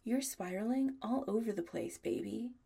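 A woman's voice: fairly high pitch, normal speed, creaky, warm tone, husky. A woman reading a firm, tender young werewolf man. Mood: stern. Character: protective young male werewolf lover. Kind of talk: audiobook dialogue.

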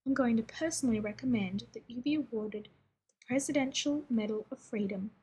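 A woman's voice: a little high, fairly quick, a little mellow, husky, rough recording. A woman reading the lines of an older male general who speaks formally. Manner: formal, official.

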